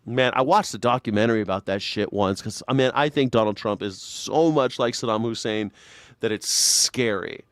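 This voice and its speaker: A man with a lowish, smooth voice talks at normal speed with no echo while hosting a live news reaction show. His style is sarcastic, crude and mocking, with exaggerated voices thrown in to mimic people.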